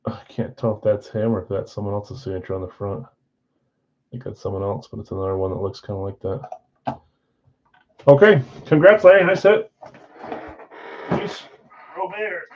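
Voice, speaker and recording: A man's voice: fairly low pitch, expressive, normal speed, long pauses, darkish tone. A man hosting a live stream card break, chatting casually and thinking aloud as he opens packs. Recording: dull lo-fi stream audio.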